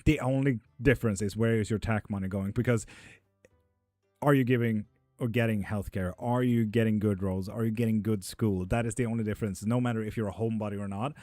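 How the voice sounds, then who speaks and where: A man's voice: fairly low pitch, steady tone, fairly quick, dark tone, no room sound, clean studio sound, faint music behind. A young man hosting a casual live stream from home, reading chat aloud and bantering with loose, foul-mouthed humor. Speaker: streamer giving tarot readings.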